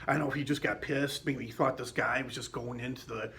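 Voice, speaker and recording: A man's voice: medium pitch, steady tone, quick pace, gravelly, sharp tone. A man telling a personal story in a casual, rambling way, with many fillers and restarts and some blunt swearing. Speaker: vlogger.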